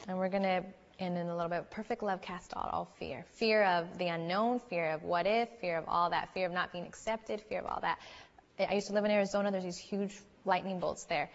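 A woman's voice: lowish voice, steady tone, fairly quick, lo-fi sound. Earnest woman preaching in a hall. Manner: earnest, chatty storytelling. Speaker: youth speaker. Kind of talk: sermon.

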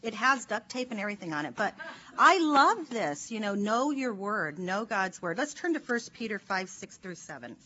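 In an earnest, chatty manner full of fillers, a woman leads an informal Bible study. Her mid-range voice is sing-song, bright and forceful at a normal speed. The recording sounds slightly dull, with faint noise.

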